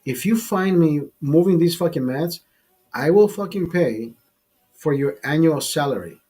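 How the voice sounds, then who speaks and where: A man's voice: fairly high pitch, expressive, unhurried, warm tone, slightly rough. A man hosting a casual show, telling a rambling, profane story with many restarts and repeated words. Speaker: host.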